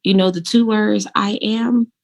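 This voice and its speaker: A woman vlogging casually, giving motivational law of attraction tips and telling her own story in an animated, informal, direct way. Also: medium pitch, measured pace, creaky. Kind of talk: casual motivational vlog talk.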